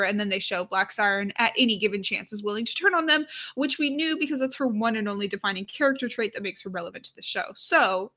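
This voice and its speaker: A woman hosting a live aftershow, chatting casually and reading viewer comments aloud, with lots of "like" fillers and quiet murmured asides. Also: mid-range voice, fairly quick. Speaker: aftershow host.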